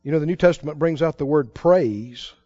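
A man preaching a sermon as pastor, fervent, with sudden bursts of loud praise. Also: fairly high pitch, a little fast, no room sound, muffled recording.

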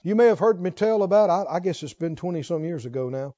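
Middle-aged male preacher, high but mellow voice, emphatic sermon delivery, lo-fi recording. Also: animated, quick pace. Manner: emphatic, asks the congregation rhetorical questions. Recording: dull lo-fi recording.

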